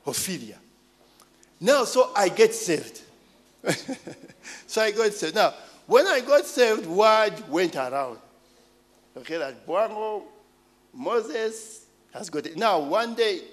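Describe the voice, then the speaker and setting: A Ugandan preacher in his forties tells stories from the pulpit in a high, swooping voice. He speaks slowly, tossing questions to his listeners between lines. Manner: animated storytelling, call-and-response asides. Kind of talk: sermon with personal stories.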